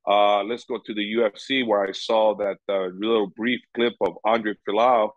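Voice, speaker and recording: A fighters' coach in MMA rambles through a casual interview, repeatedly dropping "you know." He speaks at a normal speed in a fairly low voice with little pitch movement, and the dry recording sounds dull and lo-fi.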